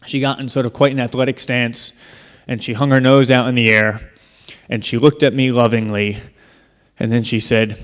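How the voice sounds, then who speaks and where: A man giving a public talk in a large hall, telling a personal story in an earnest way with touches of dry humor. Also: mid-range voice. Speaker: speaker. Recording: long hall reverb.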